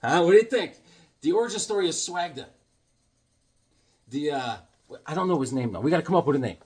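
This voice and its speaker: A man hosts a comic book video, spinning silly tales in a loose, rambling way that keeps restarting its sentences. His voice is husky, with a breathy edge, and sits a little high for a man. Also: fairly quick. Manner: rambling, animated, lots of fillers and restarts. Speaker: comic book channel host. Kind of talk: casual storytelling vlog.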